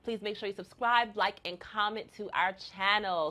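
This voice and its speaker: A woman's voice: mid-range voice, pushed and bright. A woman hosting a podcast, asking questions in a friendly, encouraging way. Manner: friendly, encouraging with quick laughs. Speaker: podcast host. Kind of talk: casual interview hosting.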